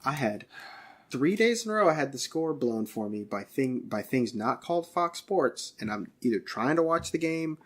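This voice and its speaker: A man on a podcast, venting and swearing in a loose, exasperated rant. His voice is husky and his pitch sits in an ordinary middle range. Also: very animated, moderate pace. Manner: profane, exasperated ranting. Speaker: podcast co-host.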